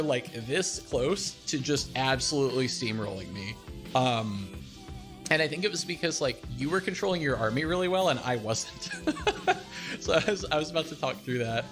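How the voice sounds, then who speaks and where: A young streamer with a slightly high voice casually talks through a replay of his own game. He's animated and self-deprecating, laughing often.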